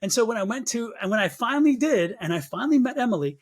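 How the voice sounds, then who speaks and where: A man with a notably high speaking voice shares a personal spiritual story as an interview guest. He acts out his own past reactions with animation. He restarts often, repeating words as he goes. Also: animated, fast. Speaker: psychic medium guest.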